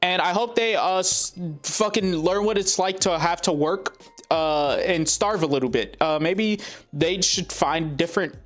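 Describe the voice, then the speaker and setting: A man ranting angrily about a game, swearing often and pausing on fillers. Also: sits high, a bit bright. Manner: profane, heated, frequent filler pauses. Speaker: gaming commentator. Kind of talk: angry rant to camera.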